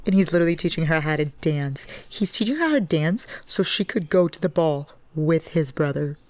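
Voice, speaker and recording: A woman's voice: sits low, lively intonation, fairly quick. A young woman vlogging about a book she is reading, gushing and dramatic, swearing freely as she talks. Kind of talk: casual reading vlog.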